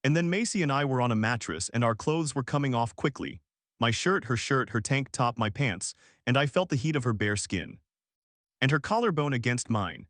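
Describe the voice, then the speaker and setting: A man reads a first-person audiobook in a reflective, confessional tone. His voice sits at an ordinary middle pitch. The recording is dry and close, with no room sound. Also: big pitch swings, normal speed, fairly bright tone, no room sound. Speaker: audiobook narrator.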